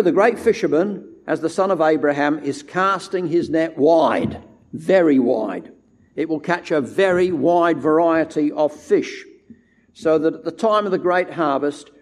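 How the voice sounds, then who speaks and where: A man gives a sermon from the pulpit, pitched a little above most men. He talks steadily and lands heavy stress on the words he wants to ring out. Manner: measured, emphatic delivery stressing key words. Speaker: preacher. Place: church.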